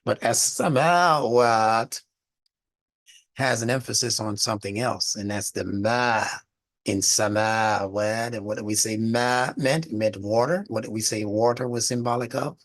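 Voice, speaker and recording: A man's voice: mid-range voice, fairly even intonation, moderate pace, hardly any pauses. A man teaching a religious studies class in a lecture, explaining word meanings and asking the class rhetorical questions.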